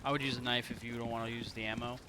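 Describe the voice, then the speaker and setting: A man's voice: mid-range voice, flat delivery, racing, background noise. A man from Indiana giving casual, profane, rambling let's-play commentary to his viewers. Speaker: gaming streamer.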